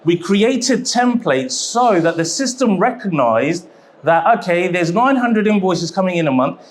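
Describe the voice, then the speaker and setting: A man presenting a seminar at a trade expo, chatty and jokey, with quick asides. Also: high voice, slight background noise. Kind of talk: live seminar talk. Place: exhibition hall seminar.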